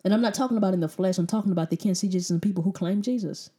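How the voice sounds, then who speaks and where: Female preacher mid-sermon: warm, mellow voice, hammering points with rhetorical questions. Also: medium pitch, racing. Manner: emphatic, rhetorical questions, repeats phrases.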